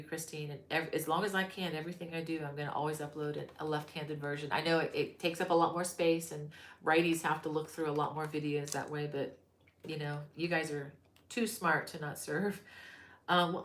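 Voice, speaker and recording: A woman's voice: deep voice, steady tone, a little fast, a bit bright, reverberant. A woman from Florida hosting a crochet live stream, chatting casually, reading viewer comments aloud and laughing easily. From Florida, USA.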